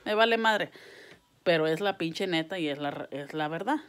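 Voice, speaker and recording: Heated woman, lower voice. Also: a little fast, smooth. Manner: profane, switches between English and Spanish mid-sentence; heated and exasperated. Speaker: vlogger. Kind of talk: casual venting to camera.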